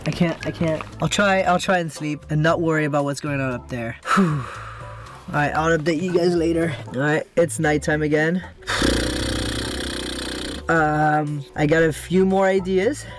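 A man's voice: a little high, steady tone, measured pace, music in the background. A young man vlogging anxiously from a box buried underground, sighing and talking to the camera. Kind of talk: casual vlog talk.

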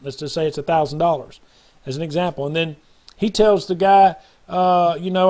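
Male preacher with a high, mellow voice, delivering an earnest, rambling sermon to camera. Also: steady tone, normal speed. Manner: earnest, rambling, preachy, acts out quotes in a parable. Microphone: webcam or phone video.

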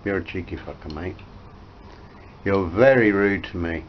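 A man's voice: low-pitched, normal speed. A man chatting casually with his pet parrot at home, amused and teasing it back. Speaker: pet owner. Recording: muffled home recording with faint hiss.

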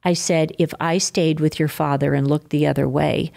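Older lady guest, low and a bit gravelly, acts out everyone in her stories. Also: normal speed. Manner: animated storyteller acting out quoted voices. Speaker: podcast guest. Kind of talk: faith-filled storytelling interview.

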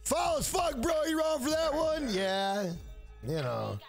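A man's voice: extremely high pitch, wildly swooping pitch, unhurried, gravelly, soft background music. A man livestreaming, chatting casually and telling rambling, profane stories full of "bro.". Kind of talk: casual stream chat and storytelling.

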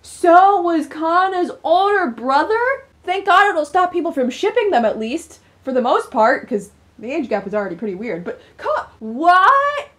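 A woman giving let's-play reaction commentary on a game. She reacts dramatically and laughs often, with a high voice that swings widely in pitch. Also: very animated, moderate pace, hardly any pauses, a bit bright. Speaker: gaming video host.

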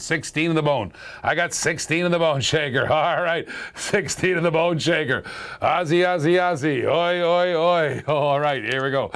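A man's voice: fairly high pitch, a bit bright. Jokey man calling a live auction. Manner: jokey, laughs often, repeats bids. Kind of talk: live-stream auction chat.

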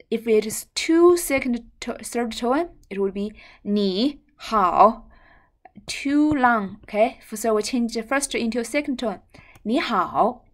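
Slow Chinese-accented woman teaching. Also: a little high, a bit bright. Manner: slow, repeats words and drills syllables. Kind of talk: language lesson.

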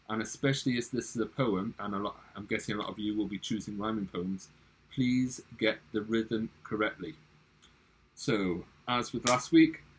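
A man's voice: lowish voice, breathy edge, poor audio. A male drama teacher giving instructions in a recorded online lesson, friendly and instructive with frequent restarts.

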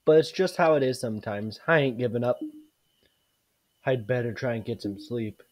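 A man's voice: mid-range voice, normal speed, darkish tone, pitched below the performer's own voice, lightly acted. A man reading the lines of a tired, worried mother in a folksy way, with a mild attempt at a southern voice.

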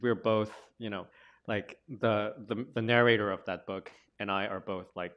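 A man's voice: lowish voice, steady tone, moderate pace, highs cut off. A man from South Korea, a translator speaking casually at a book event, chatty and full of fillers and restarts. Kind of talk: casual conversational talk.

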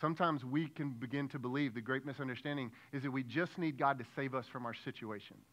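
Bright-voiced pastor preaching conversationally. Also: male voice, mid-range voice, fast, dull audio. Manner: conversational preaching, asks the congregation questions, acts out prayers. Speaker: lead pastor. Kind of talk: sermon.

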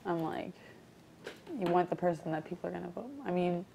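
A woman's voice: lowish voice, little pitch movement, a little fast, gravelly, noisy background. A woman, a reality show contestant, chatting casually in a blunt, slangy way. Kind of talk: casual chat.

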